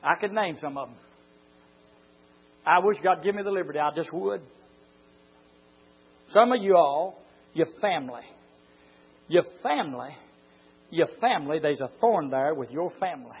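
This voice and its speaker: A man preaching a fiery sermon, swinging from low, close talk to drawn-out shouted lines. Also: lively intonation, breathy edge, lo-fi sound. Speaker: pastor.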